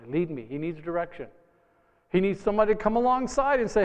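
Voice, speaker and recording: Pastor guy preaching, kinda high voice, chatty and punchy, long church echo. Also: fairly quick, clear, resonant tone. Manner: conversational, emphatic preaching with lively asides. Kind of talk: sermon. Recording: dull reverberant church recording.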